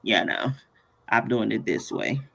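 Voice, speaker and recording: A man's voice: lowish voice, sing-song, measured pace, gravelly, bright, forceful tone. A man hosting a casual live tutorial, chatty and playful, often laughing between points. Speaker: workshop host.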